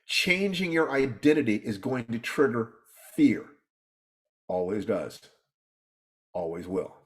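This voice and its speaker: A man's voice: mid-range voice, animated, slow pace. A middle-aged man teaching his students in an earnest motivational talk, often repeating himself and pleading with them.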